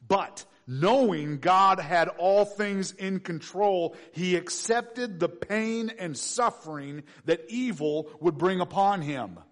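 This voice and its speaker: A man preaching a sermon with emphatic delivery and sudden loud peaks. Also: sits high, takes it slowly, few pauses. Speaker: pastor.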